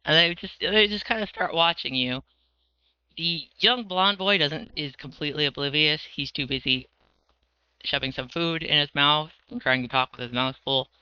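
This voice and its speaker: A man runs a tabletop game, narrating loosely and playfully with lots of fillers. His voice is very bright, clear and a little high. The sound is dry and slightly dull, as on lo-fi audio. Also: normal speed, dry recording. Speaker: dungeon master.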